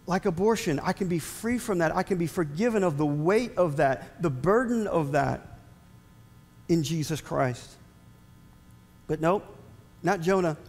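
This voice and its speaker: A man preaching a sermon as pastor, animated with emphatic rising asides. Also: on the high side, unhurried, long pauses, long reverb tail.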